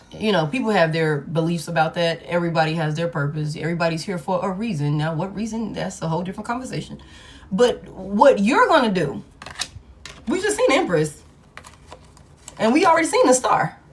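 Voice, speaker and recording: A woman giving a live tarot reading to her viewers, blunt and heavy with swearing, swinging between loud hype and low muttering. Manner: blunt, profane and emphatic. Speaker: tarot reader.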